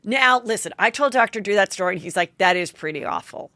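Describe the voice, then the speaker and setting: A woman's voice: mid-range voice, fast, a bit bright, dry recording, studio quality. A woman in her forties hosting a solo gossip podcast, chatty and candid, swearing freely and acting out quotes. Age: 40s. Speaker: podcast host.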